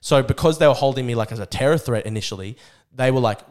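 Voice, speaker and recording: Fast-talking young Australian man. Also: mid-range voice. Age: young adult. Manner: rapid, profane, excitable retelling. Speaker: podcast guest. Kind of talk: casual storytelling.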